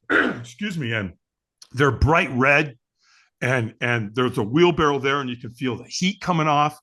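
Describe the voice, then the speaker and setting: A man guest on an interview show, telling a personal story with lively, acted-out quotes and frequent restarts. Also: mid-range voice, unhurried. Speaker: guest, firewalk instructor.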